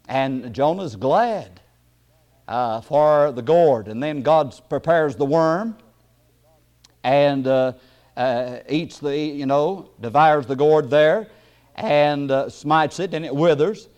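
A man preaching a sermon in a folksy way, chuckling often and hesitating with fillers, then rising into loud emphatic bursts. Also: a little high, slow pace.

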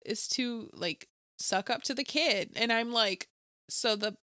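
Bright animated young woman, dry sound. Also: fairly high pitch, slow, no echo. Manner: animated, acts out quotes. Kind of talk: casual movie review chat.

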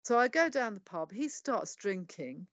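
This podcast guest, a middle-aged woman from England with an English accent, speaks in a sing-song, mid-range voice at a moderate pace; there's no echo and the highs are cut off. She recounts her life candidly, swearing freely and voicing what others said.

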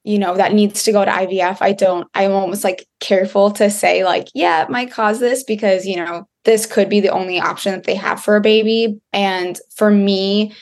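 A woman's voice: mid-range voice, steady tone, normal speed, hardly any pauses. A woman naturopathic doctor answering interview questions in a chatty way, full of "like" fillers.

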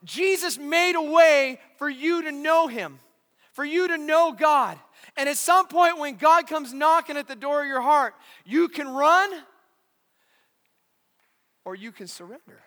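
A man's voice: very high-pitched, unhurried, big-room sound. A male pastor preaching a sermon in a large church, telling a story animatedly and acting out voices. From California. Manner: animated storyteller, acts out voices, shouts at climaxes.

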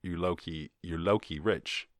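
Irish man, podcast host, very low voice, rambling profane chat, dry sound. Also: unhurried, dry recording. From Ireland. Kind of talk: casual solo commentary.

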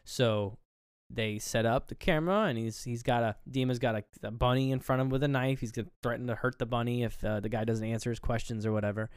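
Man, podcast co-host, casual film recap, acts out lines, smooth voice, dry close mic. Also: medium pitch, fairly even intonation, fast talker, dry recording. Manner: retells scenes acting out characters' lines, swears casually.

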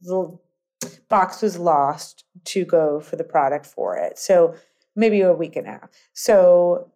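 A middle-aged woman entrepreneur telling long stories in a casual interview, rambling and animated, full of fillers and restarts. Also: lowish voice, slow pace. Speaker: guest entrepreneur.

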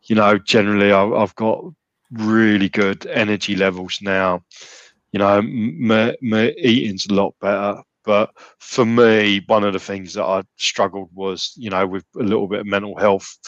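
A man's voice: fairly low pitch, a bit bright, no echo, highs cut off. A man talking casually as a podcast guest, rambling with many restarts and fillers. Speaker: gym client and podcast guest.

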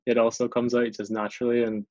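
A man with a Northern Irish accent chatting casually as a guest, relaxed and self-deprecating, often restarting his sentences. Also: mid-range voice, quick pace, dry recording. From Northern Ireland. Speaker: guest, English teacher abroad. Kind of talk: casual chat. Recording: dull lo-fi recording, dry.

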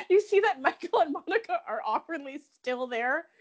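A woman co-hosting a casual podcast, talking in a high, bouncy voice that swoops all over. She is animated and giggly, full of fillers and quick laughs. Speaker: podcast co-host. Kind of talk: casual chat recapping a soap opera.

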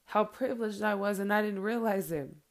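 A woman and mother speaks straight to her followers, earnest and blunt, with plenty of swearing. Her voice sits in a middle pitch range, and her talk is loose and full of "like" and "um" fillers. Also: a little fast. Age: adult with children. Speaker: vlogger addressing followers. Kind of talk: heartfelt direct-to-camera monologue.

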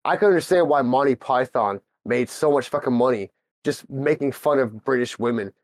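Man co-host, mid pitch, dry close sound, loose and filler-heavy. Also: moderate pace, dry recording. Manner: rambling, filler-heavy, swears casually. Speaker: podcast co-host. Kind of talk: casual crude banter.

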